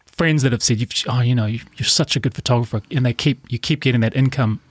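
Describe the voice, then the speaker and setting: A man's voice: mid-range voice, fast, slightly rough, dry recording. A man co-hosting a podcast, talking casually and rambling, checking in often with "right?". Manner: rambling, lots of "right?" and "yeah". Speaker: podcast co-host.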